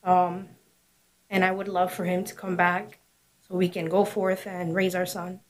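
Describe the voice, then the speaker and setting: A woman's voice: on the low side, flat delivery, a little slow. A woman speaking at a court hearing, hesitant and full of fillers. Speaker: named victim at a hearing.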